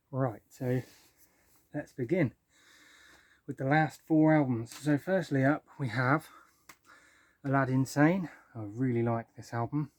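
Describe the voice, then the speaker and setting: A young man talks through his favourite records in an easy, rambling way. He is eager and full of filler words, his voice sits at a middling pitch, and the recording is dry and close. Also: a little mellow, dry recording. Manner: chatty and enthusiastic, many ums and likes. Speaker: music vlogger. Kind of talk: casual album-ranking talk.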